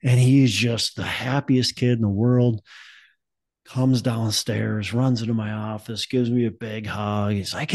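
A man's voice: on the low side, steady tone, unhurried, a little mellow, dry recording. A man in his thirties from Minnesota, co-hosting a podcast in casual chat, rambling and upbeat with many restarts. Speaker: podcast co-host.

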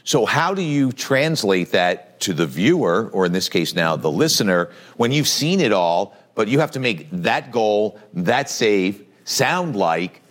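A man's voice: on the low side, sing-song, unhurried, few pauses, fairly bright tone. A man, a play-by-play broadcaster and host, chatting and asking questions with frequent restarts. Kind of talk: casual interview chat.

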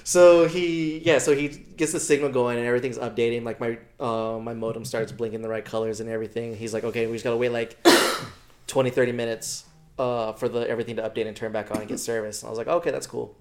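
A man's voice: medium pitch, fast. A young man on a podcast, telling a story in casual chat, slangy and swearing freely, acting out what others said. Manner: animated, slangy, swears freely, acts out quoted dialogue. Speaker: podcast co-host.

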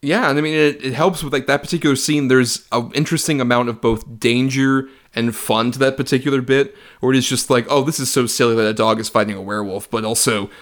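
A man's voice: medium pitch, steady tone, fast talker, few pauses. A man co-hosting a podcast, chatting casually about a film, laughing often, swearing, and acting out quotes from it. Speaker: podcast co-host.

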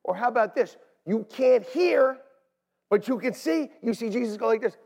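A man preaching a sermon as pastor in a church, animated and swinging between hushed asides and shouts. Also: very high-pitched, moderate pace, creaky. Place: church sanctuary. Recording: long hall reverb.

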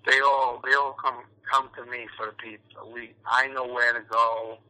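A man's voice: mid-range voice, little pitch movement, normal speed, pushed and bright, poor audio. A man from New York, an actor guest chatting casually in an interview, rambling with lots of fillers and restarts.

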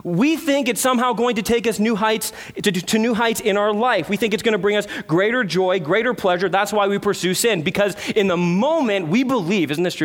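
A man preaching a sermon, earnest, with rhetorical questions and dramatic pauses. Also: high-pitched. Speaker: pastor.

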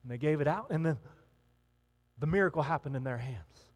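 High, lively-voiced male preacher. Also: fairly quick, big-room sound. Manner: animated, acts out voices of people in the story. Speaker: pastor. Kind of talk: sermon. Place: hall with an audience.

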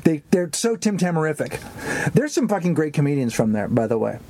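A male comedian co-hosting a podcast, excitable and quick to laugh, stammering through crude riffs. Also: fairly high pitch.

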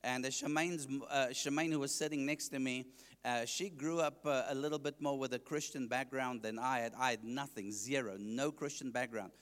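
A man's voice: mid-range voice, normal speed, fairly bright tone, big-room sound. A man with a South African accent, an evangelist preaching his testimony to a congregation, joking and asking the listeners questions.

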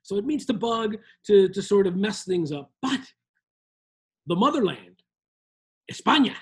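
A man from Miami with a husky, breathy edge to his voice, co-hosting a loose comedic chat. His delivery swings up and down with a lot of life as he playfully tosses Spanish phrases into his talk. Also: high voice, sing-song, measured pace. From Miami, USA. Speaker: co-host.

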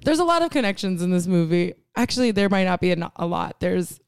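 A woman's voice: fairly low pitch, very animated, a little fast, clean tone, dry recording. A woman co-hosting a casual movie podcast, rambling, laughing often and swearing freely into a close mic. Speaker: podcast co-host.

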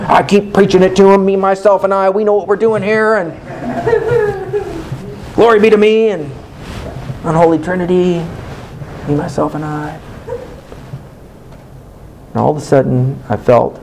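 A man preaching a sermon, telling a personal story in an animated, candid, self-mocking way and acting out his own past dialogue. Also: fairly high pitch, slight background noise, rough recording.

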